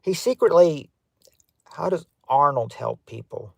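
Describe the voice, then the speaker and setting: A man hosting a casual livestream game night, giving clues to players in a halting way, full of ums and restarts. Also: a little high, lively intonation, vocal fry, a little mellow, husky, no room sound. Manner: halting, hunts for words with many fillers; gives clues to players, talks to chat.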